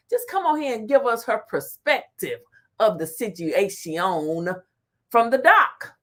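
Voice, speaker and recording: A woman hosting a casual livestream, reading the chat aloud and laughing often. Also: a little high. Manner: animated, laughs often, talks back to chat. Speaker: talk show host reading live chat.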